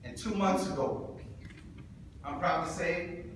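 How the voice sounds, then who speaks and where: A man with a fairly high voice speaks to a crowd in a big echoing hall, heard from some distance from the mic. He jokes and calls out to the audience like a preacher, and there is steady noise in the background. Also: takes it slowly. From Pacific Islander. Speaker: speaker at community event. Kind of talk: public speech to an audience. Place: large indoor hall with audience.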